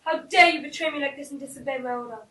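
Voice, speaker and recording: A woman's voice: high voice, very fast, fairly bright tone. A woman playing a noble male prince who scolds his brother in a live stage play, heard far off in an echoey hall. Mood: stern. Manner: stern, commanding. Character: noble male prince, stern then grief-stricken.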